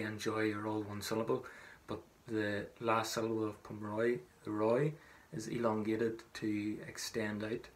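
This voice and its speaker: A man leads a traditional singing class call-and-response style, singing each phrase very slowly. Between the phrases he explains in quicker, softer speech and drops now and then to a murmur. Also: on the low side. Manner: sings slow drawn-out phrases between quick spoken explanations; soft, murmured asides.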